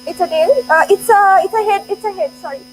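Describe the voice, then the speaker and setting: A woman's voice: very high voice, fast, a little hiss or hum, poor audio. A woman giving an interactive classroom lecture, playful, laughing often and urging the students on. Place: lecture hall.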